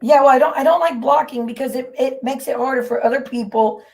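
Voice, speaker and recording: A woman's voice: high voice, fast, vocal fry, a little mellow. A woman hosting a livestream, ranting in a heated, profane and confrontational way at people in her chat. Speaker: livestream host. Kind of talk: angry livestream rant.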